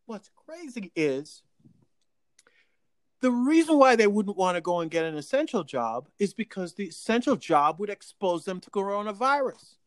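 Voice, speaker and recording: A local official talking casually to residents in an animated way, laughing often and restarting sentences. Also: medium pitch, normal speed. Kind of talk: casual livestream talk.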